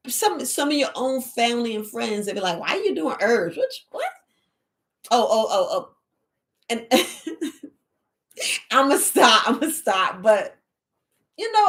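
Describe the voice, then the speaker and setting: A woman hosts a live herbal stream in a loose, chatty way. Her voice sits a little high, and she laughs often as she acts out relatives' lines. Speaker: herbalist podcast host. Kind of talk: casual live-stream chat.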